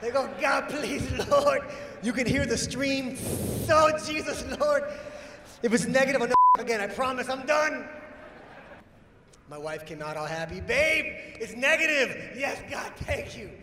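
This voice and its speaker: A man doing a stand-up set in a punchy style that bursts into shouts on the big lines. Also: very high-pitched, animated, unhurried, heavy background noise. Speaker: stand-up comedian. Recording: echoey hall from far off.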